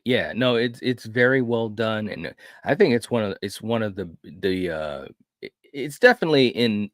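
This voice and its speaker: A man hosting a film review podcast, retelling a horror movie in an animated, casual way with frequent restarts. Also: fairly low pitch, dry recording, clean studio sound. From grew up in a city. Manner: animated storyteller, frequent restarts and "you know".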